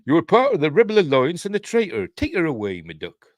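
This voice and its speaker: A man's voice: on the high side, wildly swooping pitch, fast talker, no room sound, voice pushed up. A man voicing Darth Vader as a homely local who calls people "my duck". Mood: mock menace.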